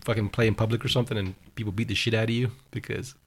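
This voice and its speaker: A man's voice: on the low side, little pitch movement, very fast. A man co-hosting a podcast, introducing songs in loose, casual chat, swearing and laughing often. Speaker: podcast co-host presenting songs.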